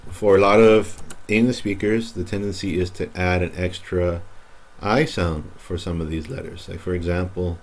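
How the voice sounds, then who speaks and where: A man's voice: low voice, steady tone, normal speed. A man teaching Spanish pronunciation in a recorded lesson, patiently repeating each word for practice.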